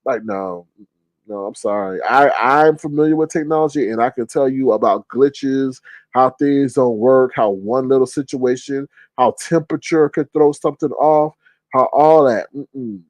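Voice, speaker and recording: A man casually hosting a livestream, reading chat aloud in a joking, animated way and laughing often. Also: moderate pace, no room sound. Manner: animated, joking, laughs often, jumps to high-pitched exclamations.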